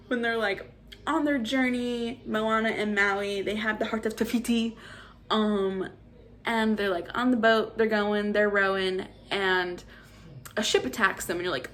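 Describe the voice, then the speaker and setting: A woman in her twenties giving a casual, animated movie review as a vlogger, ranting with exasperation. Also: mid-range voice, normal speed. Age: 20s.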